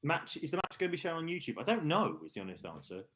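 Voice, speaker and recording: A man's voice: on the high side, big pitch swings, quick pace, a bit bright. A man hosting a live online darts stream, chatting casually with co-hosts, laughing and reading out viewer questions.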